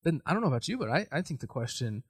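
Animated, high-voiced male preacher. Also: racing, breathy edge, no echo. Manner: animated, self-deprecating storyteller. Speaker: pastor. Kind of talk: sermon with personal storytelling.

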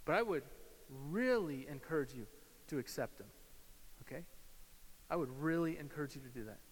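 A male pastor preaching a sermon, swinging from loud emphasis to hushed, slow guided imagery. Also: fairly high pitch, expressive. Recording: hall reverb with faint hiss.

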